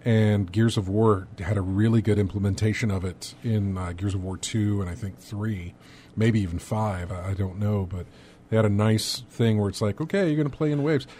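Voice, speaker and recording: A man's voice: fairly low pitch, steady tone, moderate pace, mellow, slight background noise. A man co-hosting a casual gaming news talk, rambling and thinking aloud with many fillers. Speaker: podcast co-host.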